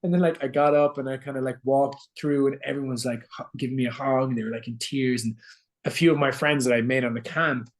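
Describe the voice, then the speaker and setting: A man's voice: mid-range voice, fairly even intonation, fast talker. A man, a singer-songwriter guest, chatting casually in an interview and telling a long story full of filler words.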